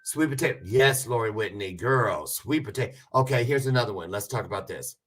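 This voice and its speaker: A man's voice: lowish voice, fast. A man hosting a casual livestream, chatting with viewers in a rambling, joking way with self-aware asides. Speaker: livestream host.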